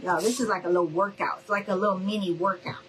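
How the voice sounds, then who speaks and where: A woman's voice: mid-range voice, steady tone, fast talker, noisy background. A middle-aged woman, chatting casually and folksily to her viewers while she does a craft project at home. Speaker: craft video host. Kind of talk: casual livestream crafting chat.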